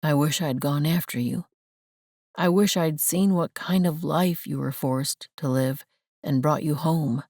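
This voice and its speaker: A woman reading the part of a remorseful young man in an audiobook, voicing him low and soft. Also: unhurried, no room sound, clean studio sound. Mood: tender. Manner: low, soft-spoken, heartfelt.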